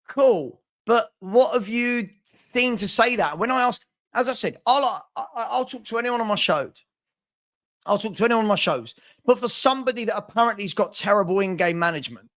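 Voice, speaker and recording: A man with a fairly high voice chats on a casual football live stream. He gets worked up and exasperated, repeating himself and restarting sentences as he goes. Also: fairly bright tone. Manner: exasperated, repetitive, stumbling restarts. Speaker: football channel host.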